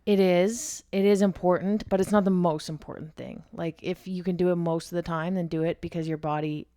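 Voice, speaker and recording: A woman hosting a podcast, chatting candidly and poking fun at herself, often trailing off quietly. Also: on the low side, steady tone, fairly quick, dry recording, clean studio sound. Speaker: podcast host. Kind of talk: casual chat.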